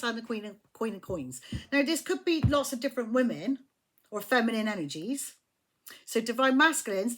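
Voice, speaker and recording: A woman giving a casual tarot reading from her flat at home, chatty and emphatic, swearing freely as she talks. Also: on the high side. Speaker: tarot reader.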